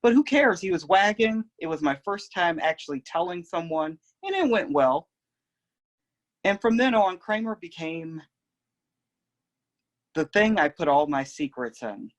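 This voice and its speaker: Reflective young man telling a story. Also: fairly high pitch. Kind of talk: personal oral history storytelling.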